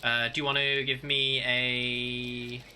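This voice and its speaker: A man's voice: medium pitch, monotone, takes it slowly, sharp tone, a little hiss or hum. A man narrating a tabletop game as game master, hesitant and full of fillers.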